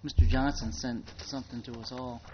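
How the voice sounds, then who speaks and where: A man, a town official, speaking at a council meeting in a measured, hesitant way with frequent ums. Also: mid-range voice, fairly even intonation, muffled recording, noisy background. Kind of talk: formal meeting talk.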